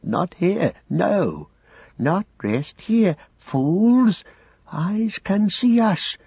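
A man's voice: high voice, sing-song, very slow, vocal fry, slightly rough, dry recording, voice pushed up, heavily acted. A man voicing a wretched, fearful creature in an audiobook, hissing urgent warnings. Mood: frantic hissing. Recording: dull lo-fi audiobook recording.

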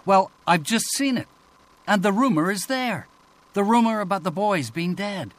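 A man voicing an excitable young American researcher in an audiobook, dramatic and dismayed. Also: high-pitched, moderate pace, voice pushed up.

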